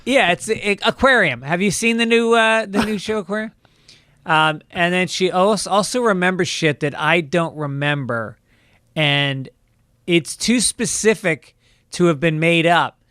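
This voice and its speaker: Bright, smooth-voiced man telling stories. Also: high-pitched, a little slow, no echo, studio quality. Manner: animated storyteller who laughs often. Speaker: podcast co-host. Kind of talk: casual chat.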